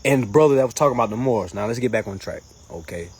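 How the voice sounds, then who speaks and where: A man hosting a casual livestream, answering comments in an animated, mocking way that swings between loud jokes and low asides. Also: fast talker, slightly rough. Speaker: livestream host reading comments.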